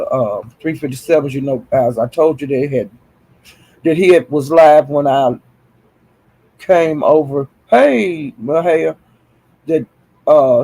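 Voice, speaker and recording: Gravelly-voiced man, exasperated gossip livestream. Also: fairly high pitch, a little mellow, low-quality recording. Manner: exasperated, dramatic, sighs and exclamations. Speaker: livestream host.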